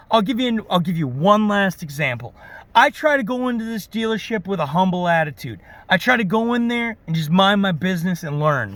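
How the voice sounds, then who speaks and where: A man's voice: sits high, fairly bright tone, no room sound. A man who works as an auto service technician, delivering a preachy, ranting monologue to camera and keeping the viewer hooked with "okay?" and "right?".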